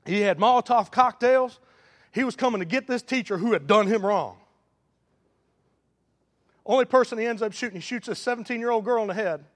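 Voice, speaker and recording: A high-pitched man preaches a sermon in a folksy way, rising into loud, emphatic stretches. His voice carries a long reverb through a church sanctuary. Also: brisk, long pauses. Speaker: pastor.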